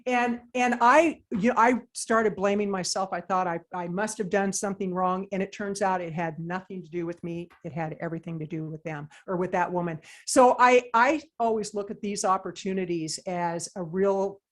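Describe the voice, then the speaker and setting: Woman guest, consultant type, emphatic and animated storytelling in a conversational interview. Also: medium pitch, moderate pace, few pauses.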